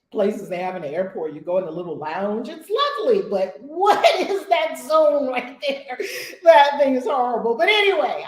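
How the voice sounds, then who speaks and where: A woman from the United States leading a spiritual community session, telling stories in an expressive, blunt, sometimes profane way. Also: mid-range voice, roomy sound, rough recording. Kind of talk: animated storytelling talk.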